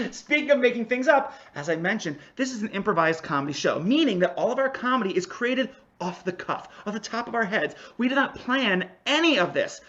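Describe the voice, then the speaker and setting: An energetic improv comedy referee hosting a virtual show from home over a video call, joking playfully with the audience. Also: mid-range voice, brisk, dull audio. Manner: jokey, energetic, playful asides. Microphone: home video call mic.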